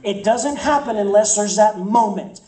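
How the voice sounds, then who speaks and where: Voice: medium pitch, normal speed, warm tone, reverberant, distant mic, rough recording. A campus ministry preacher delivering an emphatic sermon, repeating phrases for effect.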